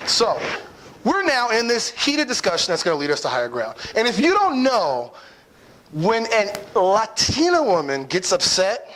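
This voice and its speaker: A young man telling a personal story to an audience in a playful, animated way, acting out his own lines and often checking in with "right?". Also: sits high, normal speed, slight background noise, rough recording. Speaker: speaker telling a personal lesson.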